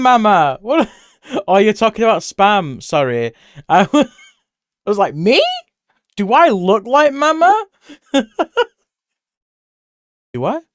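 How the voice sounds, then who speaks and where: A British man chatting casually on a live stream, answering chat and rambling freely. He laughs often, and his voice jumps up when he gets excited. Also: mid-range voice, smooth, dry recording, studio quality. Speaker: livestreamer.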